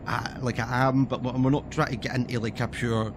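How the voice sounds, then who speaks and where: A man's voice: medium pitch, little pitch movement, brisk, noisy background. A man from Scotland with a Scottish accent, ranting in a casual, heated and sweary way as he streams a game. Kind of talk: casual ranting commentary while playing.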